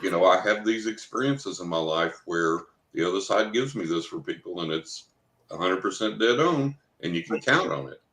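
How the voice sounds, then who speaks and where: Low-voiced man in a roomy echo. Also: moderate pace, a bit bright. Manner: anecdotal, quotes others in dialogue. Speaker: psychic guest. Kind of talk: storytelling in a podcast interview.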